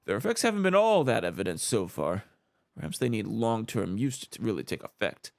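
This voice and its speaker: A relaxed, offhand adventurer woman in a fantasy game, as a man reading all the parts voices her, with a gravelly, lively delivery. She shrugs things off with breezy ease. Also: lowish voice, a little fast, no room sound, clean studio sound. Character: eccentric young female adventurer, playful and unbothered.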